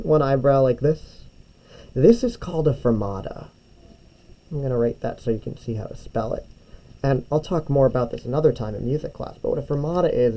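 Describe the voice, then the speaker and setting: A man's voice: mid-range voice, dull audio. A young man who teaches music, walking kids through a drawing step by step in a patient, encouraging way. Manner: patient, step-by-step, often checks with "right?". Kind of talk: drawing tutorial lesson.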